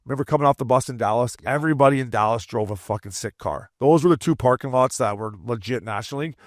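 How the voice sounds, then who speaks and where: A man co-hosting a hockey podcast, telling profane, animated locker-room stories and acting out quotes. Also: mid-range voice, quick pace, no echo, studio quality. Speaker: podcast co-host, former hockey player. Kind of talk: casual chat.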